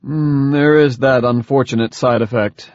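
A man voicing a calm, dryly mocking scientist father in an audiobook. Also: medium pitch, moderate pace, dry recording, muffled recording, close to an everyday voice. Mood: sardonic calm. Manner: dry, smooth, faintly mocking.

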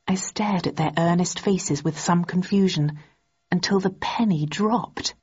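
A woman's voice: on the low side, unhurried, darkish tone, husky. A woman narrating a novel in the first person, with a dry, wry delivery. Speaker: audiobook narrator. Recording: dull, muffled recording.

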